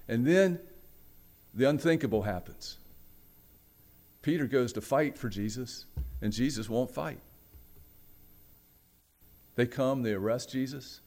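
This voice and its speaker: A man preaching a sermon, telling a story with dramatic swings from loud, raised passages to hushed ones and acting out the voices in it. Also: medium pitch, expressive, unhurried, long pauses. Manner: acts out the quoted voices in the story. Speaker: pastor.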